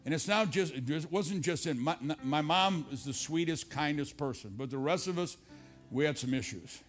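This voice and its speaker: High-voiced older man preaching. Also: moderate pace, soft background music. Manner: preaching with rising pitch on repeated lines, then dropping low and confiding in stories. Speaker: pastor. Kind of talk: sermon. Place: church stage before a congregation.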